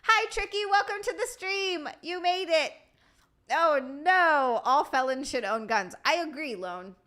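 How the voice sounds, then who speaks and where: A woman's voice: high-pitched, expressive, a little slow, pushed and bright. A woman streamer chatting casually with her live chat, bubbly and rambling, reading messages aloud.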